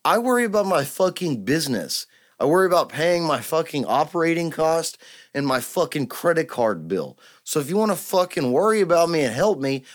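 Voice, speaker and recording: A man hosting a solo podcast, ranting heatedly and swearing constantly. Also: a little high. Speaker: podcast host.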